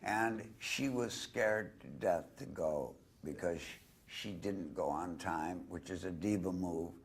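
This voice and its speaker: Older male guest, deep gravelly husky voice, animated storyteller acting out quotes. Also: slow pace. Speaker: interview guest. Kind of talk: anecdotal storytelling.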